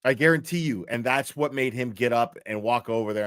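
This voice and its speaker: A man's voice: medium pitch, a little fast, few pauses, fairly bright tone, dry recording, studio quality. A man giving profane, blunt commentary on video clips as a streamer, swearing often.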